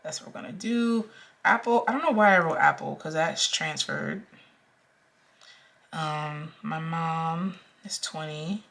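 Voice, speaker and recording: A woman's voice: sits low, measured pace, vocal fry, a bit bright. A young woman talking casually through her budget as a vlogger, counting out amounts aloud with frequent ums. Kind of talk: casual talk-through while cash stuffing.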